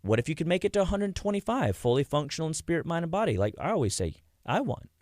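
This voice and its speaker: Guy on a radio health show, lively storyteller, dry studio sound. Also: a little high, quick pace, dry recording. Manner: animated storyteller, acts out quotes. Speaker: chiropractic health guest on radio. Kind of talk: casual radio health talk.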